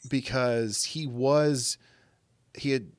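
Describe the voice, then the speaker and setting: A man's voice: mid-range voice, fairly even intonation, extremely slow, clean tone, no room sound. A man in casual podcast chat, telling a rambling story and acting out the voices of people he quotes. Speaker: podcast guest.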